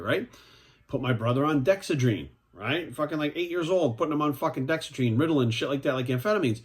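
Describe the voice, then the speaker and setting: A man in his forties, a fitness coach, ranting bluntly in a vlog, swearing often and asking "right?" after his points. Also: mid-range voice. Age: 40s. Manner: profane, emphatic, repeats "right?".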